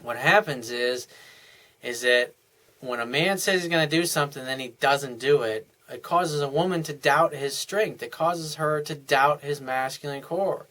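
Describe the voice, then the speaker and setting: A man's voice: mid-range voice, moderate pace. Male relationship coach, earnest advice monologue, middle-range voice. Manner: earnest, acts out couples' dialogue in softer voices. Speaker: dating and life coach.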